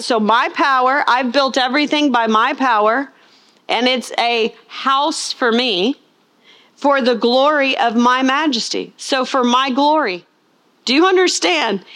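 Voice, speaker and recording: A woman's voice: on the high side, fairly bright tone. A woman preaching a sermon, stressing key words and asking her listeners rhetorical questions. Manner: asks the congregation rhetorical questions; acts out scenes in funny voices.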